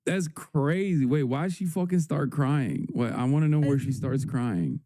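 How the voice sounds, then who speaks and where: Sarcastic swearing male streamer, dark voice. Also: on the high side, animated, normal speed, no room sound. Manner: sarcastic, exasperated, swears a lot. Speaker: live streamer reacting to clips. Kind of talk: casual profane commentary.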